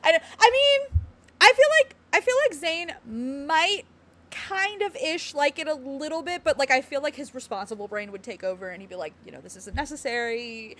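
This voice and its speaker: A woman in casual live-stream chat from home, her voice sitting high. She rambles, giggles often and turns to address her chat as she goes. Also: very animated, normal speed, fairly bright tone.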